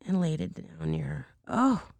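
A hoarse woman reading a bedtime story aloud in a slow, measured way, dropping into hushed asides. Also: deep voice, lively intonation, no room sound.

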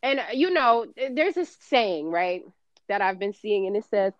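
A woman's voice: medium pitch, big pitch swings, unhurried, dry recording, muffled recording. A woman co-hosting a podcast in casual chat, talking emphatically and profanely, rambling with many fillers. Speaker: podcast co-host.

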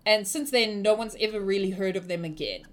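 A woman's voice: mid-range voice, fairly quick. A woman narrating as game master of a tabletop game, in a loose, casual manner full of fillers.

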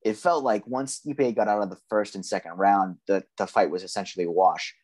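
A man with a fairly low voice talks through fight predictions on a casual podcast. He sounds measured and analytical, pausing on frequent ums as he weighs each side. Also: steady tone, darkish tone, slightly rough. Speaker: podcast co-host.

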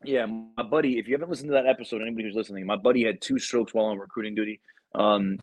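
A man's voice: fairly low pitch, steady tone, racing, no room sound, soft background music, low-quality recording. Podcast host, young man, slangy and profane, close dry sound. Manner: slangy, profane storytelling with many fillers. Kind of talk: casual chat.

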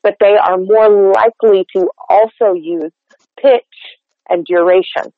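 An American man working as a dialect coach, explaining his technique in an animated, chatty way and acting out example lines. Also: high-pitched, a little slow, no room sound, phone-quality sound. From United States. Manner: animated, explanatory, demonstrates lines aloud, many fillers like "like". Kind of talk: interview guest explaining technique.

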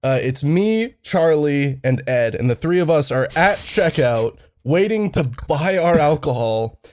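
A man's voice: fairly high pitch, animated, measured pace, a little mellow. A young man in casual chat with friends, telling stories in a loose and profane way.

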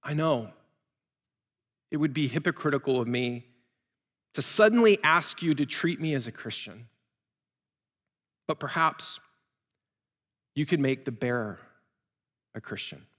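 A man's voice: mid-range voice, expressive, measured pace, pauses often, fairly bright tone. A man voicing a hiker in a story told during a sermon, first marveling at the forest and then bargaining to be saved, with long reverb around him. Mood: pleading. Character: awed hiker in a forest, then pleading before a bear.

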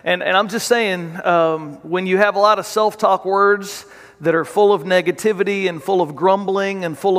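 Pastor, earnest preacher, gravelly and slightly high, long reverb of a church hall. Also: male voice, fairly bright tone. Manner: earnest, repetitive, with frequent restarts and fillers. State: choked up with emotion. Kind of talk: sermon with prayer.

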